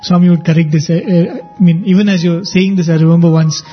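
A high-pitched, husky man rattles through devotional anecdotes at a brisk clip. His delivery is animated and chatty, and the recording sounds dull and lo-fi with faint music behind. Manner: quick, animated anecdote-telling. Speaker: radio show co-host. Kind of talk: conversational devotional reminiscence.

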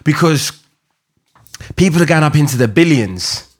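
A man co-hosts a relaxed podcast chat. His voice sits a little high and jumps around expressively. He tells his stories with plenty of laughter. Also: normal speed. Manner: lively storytelling, laughs often. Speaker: podcast co-host. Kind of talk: casual chat.

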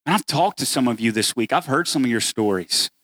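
A man's voice: mid-range voice, animated, a little fast, fairly bright tone, no echo. A man preaching a sermon as pastor, earnest and building to emphatic peaks as he voices the words of scripture.

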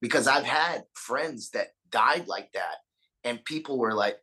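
Punk singer guest, man, bright forceful tone, earnest and halting, swears a lot. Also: medium pitch, animated, husky, rough recording. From Austin, Texas. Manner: earnest, stammers and repeats words, swears freely. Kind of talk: casual podcast conversation.

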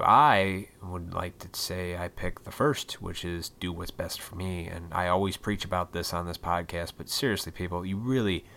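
A man in his thirties from Illinois hosts his own podcast and rambles through a casual, profane rant. His voice is bright and forward, and his pitch leaps around animatedly, rising into sudden loud bursts. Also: vocal fry. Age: 30s. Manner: profane, rambling, swings into loud excited outbursts. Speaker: podcast host.

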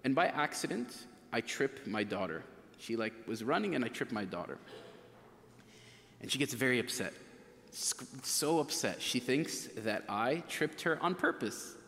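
A man in his thirties preaching a sermon as a priest, telling stories with lively, acted-out quotes. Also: mid-range voice, normal speed. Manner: animated storytelling, acts out voices in quotes. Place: church. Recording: long reverb of a church hall.

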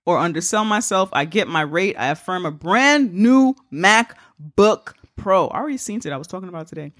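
A woman's voice: lowish voice, animated, brisk, fairly bright tone, no echo, clean studio sound. A young woman co-hosting a podcast in casual chat, playful and often laughing. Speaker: podcast co-host. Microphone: podcast microphone.

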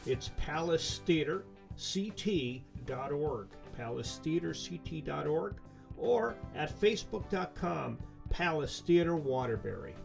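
A man's voice: on the high side, lively intonation, measured pace, creaky, music in the background. A man hosting an interview show, friendly and encouraging, closing out with a sign-off. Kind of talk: radio-style interview hosting.

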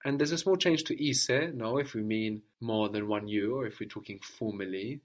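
A man's voice: on the low side, moderate pace. A man teaching a spoken language lesson, explaining patiently step by step and prompting a student to answer.

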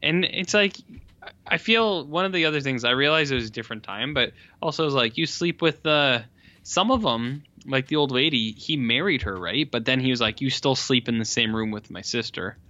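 A man with a bright, sharp voice chats about a movie on a podcast, throwing in wry jokes. His recording sounds dry and close, with a dull, lo-fi tone. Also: mid-range voice, expressive, moderate pace, no room sound. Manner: wry, joking asides. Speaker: podcast co-host. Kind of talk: casual film discussion.

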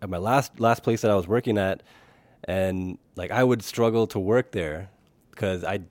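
Low-voiced male podcast host, dry sound. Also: moderate pace, no echo. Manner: relaxed, gives short backchannel replies. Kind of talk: casual interview chat.

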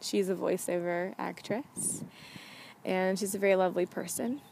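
A woman's voice: fairly low pitch, fairly even intonation, normal speed, creaky, a little mellow, slight background noise. A young woman hosting her own podcast, talking casually and earnestly with lots of "like" as filler. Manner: chatty, earnest, heavy use of "like". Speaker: podcast host. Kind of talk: casual solo podcast talk.

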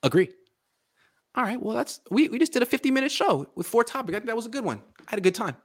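A man's voice: very high-pitched, sing-song, quick pace. A man hosting a casual sports podcast, animatedly breaking down football film and chatting with his father. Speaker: podcast host.

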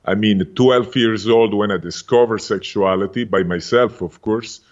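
A man in his fifties from Italy, speaking animated, broken English with an Italian accent as a podcast guest. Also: on the low side, normal speed, muffled recording. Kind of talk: casual interview chat.

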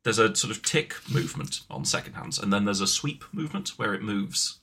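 A man's voice: fairly low pitch, brisk, bright, forceful tone, a little hiss or hum. A man co-hosting a casual comedy podcast, rambling and jokey, often slipping into silly voices. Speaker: podcast co-host.

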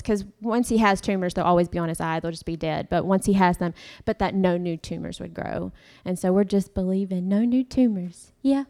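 A woman's voice: lowish voice, a little fast, few pauses, darkish tone. A young woman giving a heartfelt personal testimony in church, rambling a little with fillers and restarts.

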